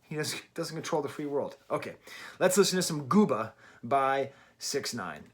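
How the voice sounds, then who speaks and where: A man's voice: medium pitch, very animated, normal speed, breathy edge. A middle-aged man giving a casual, emphatic and wry album review from his daughter's bedroom at home. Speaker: music reviewer.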